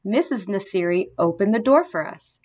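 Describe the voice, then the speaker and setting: A woman narrating a children's storybook in a gentle, expressive read-aloud manner. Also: medium pitch, moderate pace.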